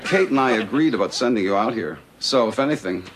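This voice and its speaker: An actor as a mild deadpan sitcom husband. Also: male voice, fairly low pitch, fast, crowd noise, background noise, lightly acted. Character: patient, mild-mannered sitcom husband and father. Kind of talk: 1980s sitcom acting. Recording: studio audience laughter.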